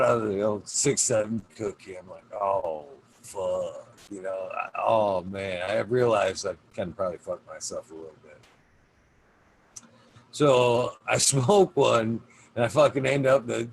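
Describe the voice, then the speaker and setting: A man's voice: medium pitch, gravelly, slight background noise. A man hosting a casual podcast, laid-back and swearing constantly as he laughs through a story about his day. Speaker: podcast host.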